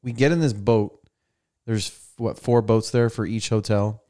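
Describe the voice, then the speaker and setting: Young guy podcasting, smooth clear voice, animated storyteller doing little voices for people. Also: fairly low pitch, measured pace. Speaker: podcast host. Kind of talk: casual chat. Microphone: studio mic.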